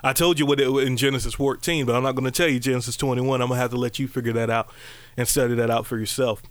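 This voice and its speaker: A man preaching a lively, conversational sermon, breaking into high exclamations and playful asides. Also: fast, smooth, dry recording.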